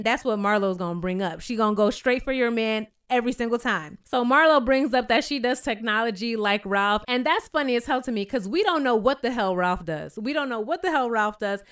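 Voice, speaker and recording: A young woman recapping a reality show in a chatty, sassy way, acting out the cast's quotes in higher voices. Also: animated, a little fast, hardly any pauses, a bit bright, smooth. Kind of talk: casual recap commentary.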